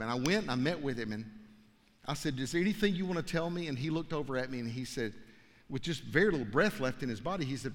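A man preaching a sermon as a pastor, telling a personal story dramatically, dropping to hushed tones and rising to fervent preaching. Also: mid-range voice, expressive, quick pace. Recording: long hall reverb.

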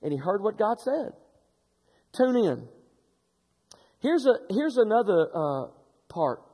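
A middle-aged man preaching a sermon, telling stories in an animated way with frequent restarts. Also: high-pitched, slow pace, breathy edge, in a large hall. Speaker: pastor.

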